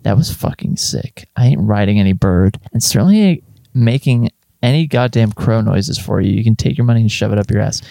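A man's voice: on the low side, fairly quick, creaky, mellow, no echo. A man co-hosting a comedy show, dramatically reading out chatbot lines and often breaking into laughter. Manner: reads chatbot text aloud, breaking into laughter. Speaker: podcast co-host reading chatbot replies.

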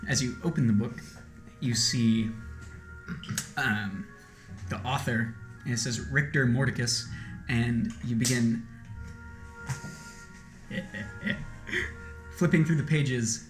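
A man narrating as game master in a tabletop role-playing game, animated and quick to laugh. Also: mid-range voice, echoey room, soft background music.

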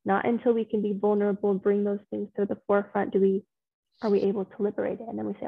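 A woman coach speaks to a group over a video call, affirming and encouraging them and calling them by pet names. Her voice has a gravelly, husky texture. The sound is thin and phone-like, with a dry, close feel. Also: mid-range voice, little pitch movement, fast talker, no echo. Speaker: transformational coach.

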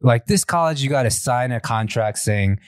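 A man's voice: medium pitch, expressive, moderate pace, no room sound. A man in his forties, co-hosting a podcast, telling candid, self-deprecating stories in casual chat. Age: 40s. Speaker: podcast co-host.

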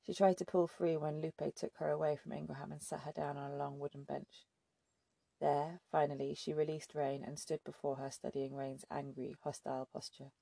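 Gravelly, dark-voiced woman narrating. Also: sits low, level tone, moderate pace, no room sound. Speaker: audiobook narrator. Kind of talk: scripted narration.

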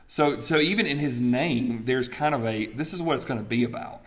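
A man teaching a Bible study class in a lively, chatty way, asking the group questions. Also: medium pitch, brisk, hardly any pauses.

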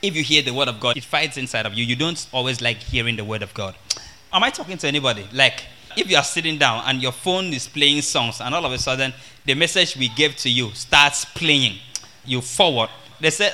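A man preaching an animated, humorous sermon to a congregation. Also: a little high, moderate pace. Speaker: evangelist.

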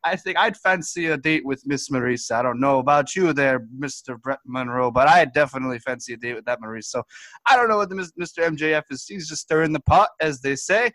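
A man's voice: mid-range voice, a little fast, fairly bright tone, no room sound, natural voice. A man voicing a goofy male news correspondent who rambles and keeps saying "as they say". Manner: rambling, repeats "as they say", laughs at own jokes. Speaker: comic correspondent. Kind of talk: comedic improvised character bit.

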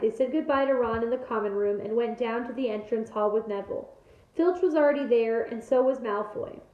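A woman teacher reads a novel aloud to her class with lively storytelling and a fairly high voice. The sound is roomy and comes through a tinny, phone-like line. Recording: echoey room over a thin phone-like line.

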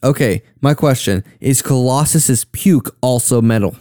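A young man from the southern US trades jokes and quick reactions during a casual film watch-along. His voice is mellow and smooth. The sound is dry and close. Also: medium pitch, no echo.

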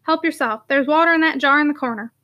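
A woman's voice: high voice, fast, sharp tone, no room sound, muffled recording. A woman reading a curt mill owner. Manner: curt, clipped replies. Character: terse, reserved male mill owner.

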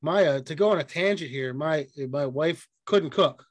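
A podcast co-host tells profane, animated stories in casual chat, acting out the people he quotes. His voice is on the high side at a moderate pace, with no room sound.

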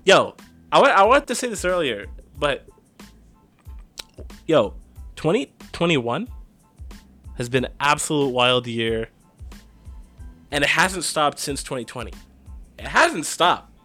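A young man co-hosting a podcast, chatting casually in slangy, excitable talk and laughing often. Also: fairly high pitch, slow, pauses often, soft background music. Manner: animated, slangy, laughs a lot. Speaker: podcast co-host. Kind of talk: casual chat.

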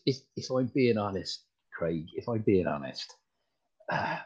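A man voicing a bumbling rural farmer comedian with a rural English accent, talking in a halting, stammering, folksy way. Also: fairly high pitch, expressive. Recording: dull lo-fi sound.

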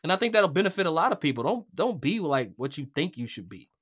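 A man from Kentucky, a golf broadcaster talking as a podcast guest, animated and casual, swearing freely and often repeating words. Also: on the high side, fast, husky. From Kentucky, USA.

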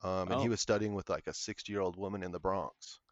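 A man, a podcast guest, telling a paranormal story in an earnest, halting way. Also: low voice, fairly even intonation, no echo. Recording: muffled lo-fi audio.

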